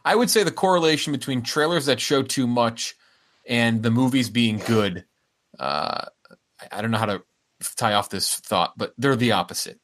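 Male podcast co-host, mid-pitch, casual and rambling. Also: moderate pace, a bit bright. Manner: rambling, with frequent fillers and restarts. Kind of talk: casual chat.

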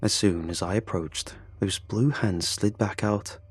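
A man's voice: on the low side, measured pace, breathy edge, no room sound, soft background music. A man narrating a first-person horror story in a tense, confessional way.

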